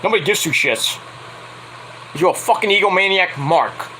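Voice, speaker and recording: A man's voice: sits high, expressive, normal speed, sharp tone, slight background noise, poor audio. A man ranting heatedly on a late-night livestream, swearing constantly as he reviews wrestling. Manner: profane, heated, fired-up ranting.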